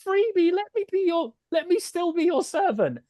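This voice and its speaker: A man squeaking as a frantic little female elf. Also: big pitch swings, normal speed, dark tone, no echo, clean studio sound. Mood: pleading. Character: panicked pleading female house elf.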